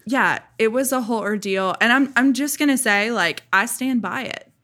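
A woman's voice: a little high, normal speed. A woman hosting a podcast, telling stories in casual chat and laughing often. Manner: animated storytelling, laughing often. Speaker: podcast host.

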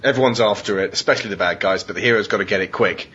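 A man hosting a casual podcast chat, reading out film clichés and joking, swearing and laughing often. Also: pushed and bright. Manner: sweary, jokey, laughs often, does quick silly voices. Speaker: podcast host. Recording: dull lo-fi podcast audio with faint rumble.

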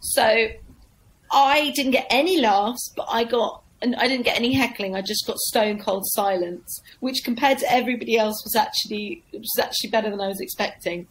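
A woman's voice: a little high, moderate pace, a little hiss or hum, low-quality recording. A woman comedian telling an anecdote in a casual interview, acting out the people she describes. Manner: lively storyteller acting out voices. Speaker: comedian guest.

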